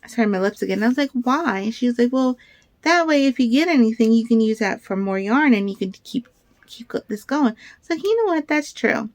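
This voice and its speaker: A woman in her thirties chatting casually in a crafting vlog, rambling and excitable, with bursts of animated storytelling. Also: fairly high pitch, brisk, no room sound. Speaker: crafter vlogger.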